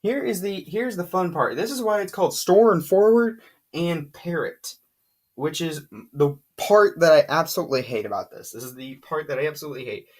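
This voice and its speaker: A lively, emphatic explainer walks through radio gear in a casual whiteboard lesson. The voice sits at an ordinary middle pitch and keeps hammering points home by repeating them. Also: moderate pace.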